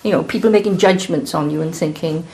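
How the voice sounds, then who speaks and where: A woman's voice: lowish voice, fast talker, a little mellow. A woman interviewing a small group, asking probing questions and often restarting them mid-sentence.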